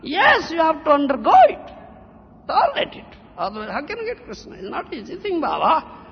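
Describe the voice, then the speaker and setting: A man's voice: extremely high pitch, huge pitch swings, fairly quick. A man giving a devotional lecture, scolding his listeners and mocking their excuses, often asking "huh?" between points. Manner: scolding, mocks a disciple's excuses in a put-on voice, keeps asking "huh?". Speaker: spiritual teacher. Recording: dull old tape in a reverberant hall.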